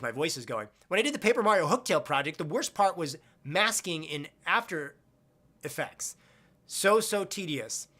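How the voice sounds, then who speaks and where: A man's voice: a little high, sharp tone. A young man hosting a casual live stream, answering viewer questions in a blunt, rambling way and swearing casually.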